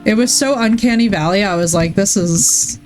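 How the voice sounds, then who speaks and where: A woman's voice: medium pitch, moderate pace, soft background music. A woman streamer chatting casually while she plays, rambling through stories and swearing freely. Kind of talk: casual chat while gaming.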